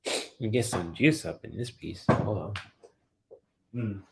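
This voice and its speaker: A man's voice: on the low side, unhurried, gravelly, heavy background noise. A man hosting a late-night live stream, reading viewer comments aloud, laughing often and teasing playfully, a little sleepy. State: sleepy, yawning. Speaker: livestream host.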